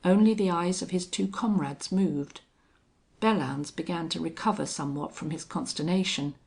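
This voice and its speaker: A woman narrating a western audiobook in a steady, measured reading. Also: fairly low pitch, gravelly.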